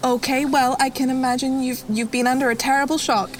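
Woman putting on a flustered, brisk boatwoman. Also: high-pitched, little pitch movement, slight background noise, lightly acted. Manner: reassuring, slightly flustered, brisk. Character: wary, brisk boatwoman with scarred face, middle-aged.

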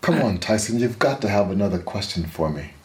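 A man's voice: lowish voice, animated, fairly quick, darkish tone. A man joining an interview with playful, teasing banter. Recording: echoey room with faint noise.

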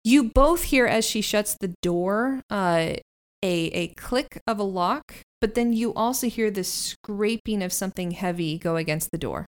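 A woman running a tabletop game as game master, with chatty, halting narration. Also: medium pitch, expressive, smooth.

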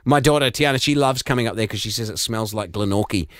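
A man's voice: fairly low pitch, fast, dry recording, studio quality. A middle-aged man from New Zealand with a New Zealand accent, co-hosting a radio show with jokey, casual banter. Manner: jokey, animated storyteller. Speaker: radio co-host.

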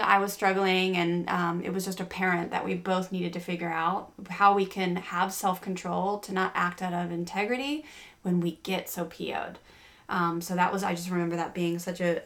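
A woman's voice: mid-range voice, fairly bright tone. A middle-aged woman co-hosting a parenting podcast, talking candidly and rambling with many fillers and restarts. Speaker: podcast co-host. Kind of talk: casual parenting podcast chat.

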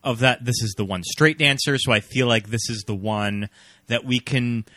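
A man co-hosting a podcast in casual chat, offering measured, thoughtful asides. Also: medium pitch, pushed and bright, dry recording, studio quality. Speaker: podcast co-host.

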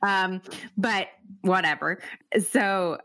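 A woman's voice: mid-range voice, extremely slow, sharp tone. A woman hosting an interview in a casual, chatty way, laughing often and trailing off mid-sentence. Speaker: podcast host.

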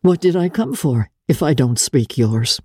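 A woman voicing an earnest young gentleman who speaks in a pleading, smitten way. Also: sits low, sing-song, a little slow, husky, no room sound, studio quality, exaggerated voice.

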